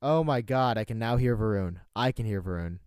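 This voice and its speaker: A young man from North Carolina hosts a loose live show, rambling between jokes and breaking into laughter. His voice sits on the low side. The sound is dry and close with no room echo. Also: brisk, a little mellow, clear, resonant tone. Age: young adult. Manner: joking, rambling, laughs often, relays a caller's words. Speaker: host of a live stream show. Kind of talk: casual joking chat.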